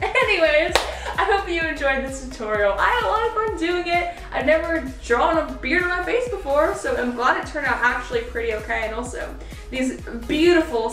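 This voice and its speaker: A woman's voice: sits high, fairly bright tone, recorded from a distance. A young woman, a college student, chatting casually through a cosplay tutorial, giggling often and using lots of "like" fillers. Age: young adult. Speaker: cosplay vlogger. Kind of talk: casual makeup and costume tutorial. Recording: roomy echo, voice away from the mic, faint music.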